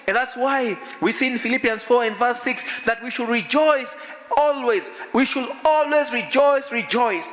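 A man's voice: extremely high pitch, moderate pace, a bit bright, long reverb tail. A man preaching a sermon in a church, exhorting the congregation with rhetorical questions. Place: church sanctuary.

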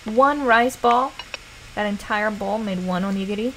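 A woman's voice: a little high, a little slow, a bit bright, a little hiss or hum, low-quality recording. A woman hosting a casual let's play, animatedly talking to her game character and reading game text aloud.

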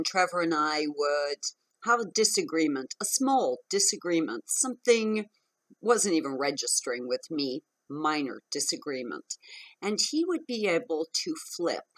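Frank woman with a bright, low voice. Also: low-quality recording. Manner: frank, profane, emphatic. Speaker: vlogger on narcissistic abuse. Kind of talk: candid personal storytelling to camera.

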